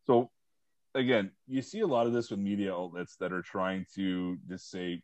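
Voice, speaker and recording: A man's voice: low-pitched, fairly even intonation, normal speed, darkish tone, no room sound. A man hosting a casual podcast, chatting about movies and sports and rambling with many fillers. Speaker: podcast host.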